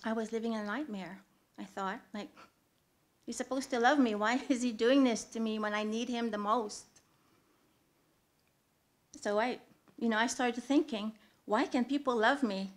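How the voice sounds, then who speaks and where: A woman tells her own story live from a theatre stage. She speaks earnestly, pauses often and rises to sudden loud swells. Her voice sits a little high. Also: fairly even intonation.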